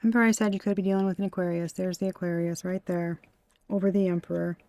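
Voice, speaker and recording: A young woman giving an excitable tarot reading, exclaiming, gasping and swearing as she goes. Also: lowish voice, fast talker, no room sound. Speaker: tarot reader.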